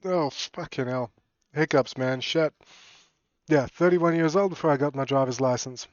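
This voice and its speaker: A man's voice: a little high, moderate pace, dry recording. A laid-back man chats through a reaction stream, swearing casually. The sound is a little dull, and the room is dry and close. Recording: dull, dry home mic.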